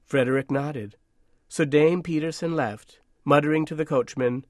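A man narrating a storybook in a measured, hushed, gentle way. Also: medium pitch, no echo, studio quality.

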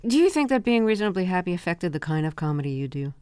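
A woman hosting an interview, asking questions in a measured way with dry teasing. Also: on the low side, big pitch swings, darkish tone, clear, resonant tone, no room sound. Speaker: interviewer host. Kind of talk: radio interview.

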